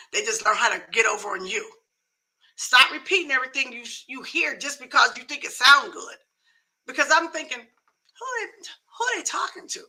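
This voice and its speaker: A woman's voice: a little high, bright, forceful tone, poor audio. A middle-aged woman hosting a live talk show, giving emphatic, folksy advice in a casual, preachy way.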